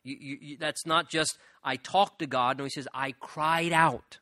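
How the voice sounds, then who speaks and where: Bright-voiced man preaching an earnest sermon. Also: on the high side, fairly even intonation, normal speed, no room sound, studio quality. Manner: earnest, builds to fervent emphasis. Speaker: pastor.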